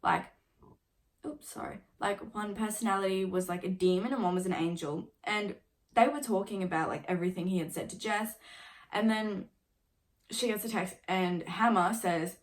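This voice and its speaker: A young woman in her late teens telling a story on her own vlog, casual and chatty, filling every pause with "like" and swearing now and then. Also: medium pitch. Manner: chatty, filler-heavy with constant "like"; swears casually while retelling. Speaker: vlogger.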